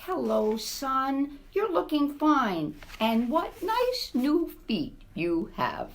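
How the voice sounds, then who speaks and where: A woman's voice: sits high, very slow, vocal fry, a little hiss or hum, pitched above the performer's own voice, full character voice. A woman voicing a loving mother mouse greeting her son, in a storybook read aloud. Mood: fond.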